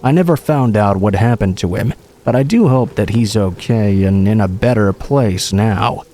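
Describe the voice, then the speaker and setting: Low-voiced man narrating horror stories. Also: moderate pace, dark tone, slight background noise.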